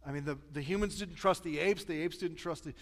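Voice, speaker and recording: A middle-aged Midwestern pastor with a fairly high voice preaches in a loose, joking storytelling style. His voice rings out with a long reverb in a large church hall. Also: a little fast. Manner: storytelling, chatty, self-deprecating humor. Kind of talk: sermon.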